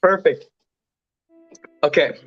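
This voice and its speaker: A man's voice: on the high side, slightly rough, muffled recording, faint music behind. A man co-hosting a livestream in a casual, playful, joking manner. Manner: playful, jokey, quick tangents. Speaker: co-host of a livestream.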